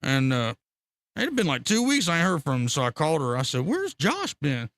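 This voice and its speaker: A man's voice: mid-range voice, fast talker, dry recording, studio quality. A man telling rambling, profane fishing stories on a casual live stream. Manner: rambling, profane, animated storytelling with laughter.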